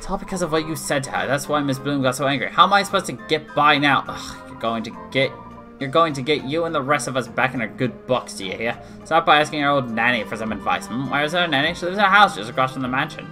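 A man doing a huffy, bossy servant in a game who scolds the hero. His voice has a bright, forward edge at a middle pitch. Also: lively intonation, quick pace, faint music behind. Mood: indignant.

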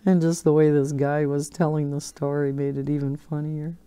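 A woman's voice: sits low, level tone, normal speed, warm tone, clean tone. A woman hosting a coloring channel, chatting casually and rambling, often breaking into laughter. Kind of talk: casual chat while coloring.

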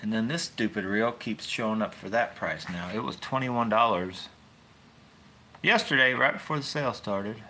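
A man's voice: fairly low pitch, moderate pace, bright, forceful tone, a little hiss or hum. A man hosting a fishing channel, chatting casually into his phone in a rambling, folksy way with wry asides. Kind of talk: casual rambling livestream chat.

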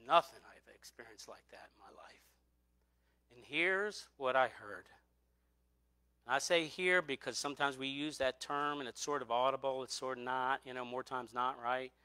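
Bright, dry-voiced preacher man. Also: medium pitch, moderate pace, clear, resonant tone, dry recording. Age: middle-aged. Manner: earnest personal testimony with repeated emphatic phrases. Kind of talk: sermon.

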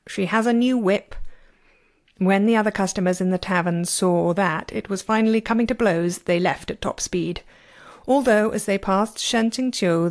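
A woman narrating a novel as an amateur audiobook reader, with expressive, varied pacing. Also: mid-range voice.

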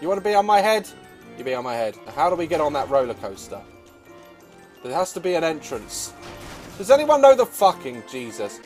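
A young man giving excitable, swearing gameplay commentary, with frequent laughter and shouts. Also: fairly high pitch, fairly quick, soft background music. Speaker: gaming video host.

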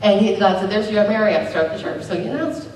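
A woman's voice: medium pitch, quick pace, a little mellow, slight background noise. A middle-aged woman pastor preaching a conversational sermon with emphatic bursts. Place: church sanctuary. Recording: very echoey, distant church recording.

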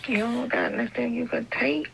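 A woman's voice: a little high, fairly even intonation, moderate pace, gravelly, a little hiss or hum. A woman on a phone call, asking concerned questions in a casual way. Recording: dull muffled phone line.

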